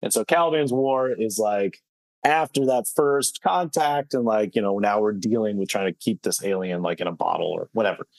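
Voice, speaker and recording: A man's voice: lowish voice, moderate pace, creaky, dry recording. A man co-hosting a book podcast, chatting casually in a rambling, wry way with lots of fillers. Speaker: podcast co-host.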